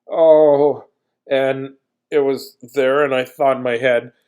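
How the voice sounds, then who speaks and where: A man's voice: mid-range voice, takes it slowly. A man reading a bedtime picture book aloud, breaking off for playful, jokey asides to his listeners. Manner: jokey, animated, chatting to listeners. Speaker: storyteller reading a bedtime story.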